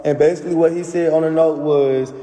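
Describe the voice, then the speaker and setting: A man's voice: fairly high pitch, steady tone, brisk, dark tone. Angry cursing man ranting on livestream. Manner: angry, profane ranting to viewers. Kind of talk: venting on a phone livestream. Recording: echoey room with long reverb.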